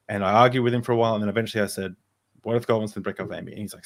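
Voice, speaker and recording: Podcast guest: man, low-ish voice, rambling casual storytelling full of restarts. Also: fairly even intonation, very fast, creaky. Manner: rambling, with many restarts and filler words.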